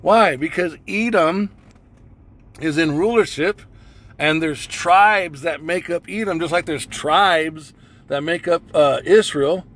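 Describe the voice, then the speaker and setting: Male streamer, slightly higher voice, preachy scripture-quoting delivery with heavy profanity. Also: slow pace, fairly bright tone. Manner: preachy and profane, repeats phrases. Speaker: streamer commenting on clips. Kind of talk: religious commentary reading scripture.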